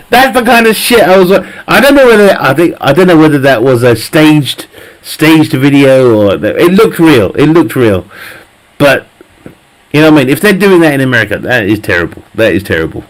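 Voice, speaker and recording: A man's voice: fairly high pitch, big pitch swings, moderate pace. A man live streaming a game, chatting casually with viewers, joking, teasing the chat, laughing often and swearing freely.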